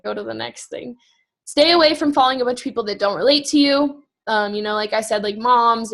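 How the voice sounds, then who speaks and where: A woman's voice: fairly high pitch, fairly bright tone. A young woman on a video call giving a chatty, casual training talk full of fillers, a bit out of breath. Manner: chatty, fast, lots of fillers. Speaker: guest speaker on a team call.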